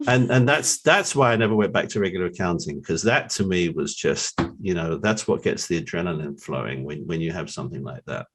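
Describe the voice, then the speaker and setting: A middle-aged man with a London accent, a guest who tells long stories in a relaxed way and often repeats his opening words. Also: low-pitched, moderate pace. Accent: London English. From England. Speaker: guest, forensic accountant. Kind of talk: relaxed storytelling.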